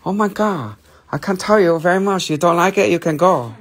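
A man's voice: high-pitched, animated, fairly quick, voice pushed up. A man putting on an exaggerated, mock-offended voice with a sing-song manner.

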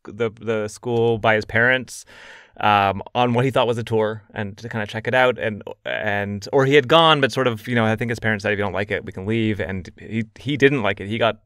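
A man, a journalist guest, explaining events in a measured, steady way in a conversational interview. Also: fairly low pitch, smooth, no room sound, studio quality.

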